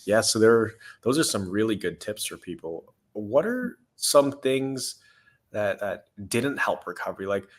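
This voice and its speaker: A man's voice: lowish voice, big pitch swings, unhurried. A man hosting a recovery interview, encouraging and supportive as he asks his guest questions. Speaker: podcast host. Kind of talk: casual interview.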